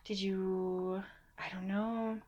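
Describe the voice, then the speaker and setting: A woman's voice: mid-range voice, little pitch movement, slow, muffled recording, background noise. A woman giving a casual, chatty tarot reading. She reassures her listeners and now and then mimics them in a mock voice. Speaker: tarot reader.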